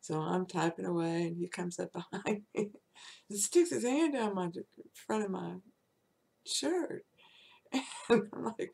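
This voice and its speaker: A woman's voice: mid-range voice, a little slow, creaky, a little mellow, slightly rough. A woman in her sixties telling a frank story from her own life, laughing often as she goes. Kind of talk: casual personal storytelling.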